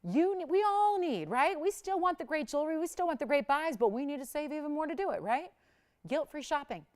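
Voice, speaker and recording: A woman hosting a live jewelry shopping show, pitching with energy and counting prices down urgently. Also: expressive, a little fast. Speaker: shopping channel host. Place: studio.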